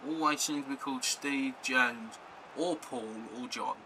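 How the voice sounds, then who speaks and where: A man's voice: mid-range voice, a little slow, background noise. A young man chatting casually on a live stream, rambling and reacting to chat and gameplay.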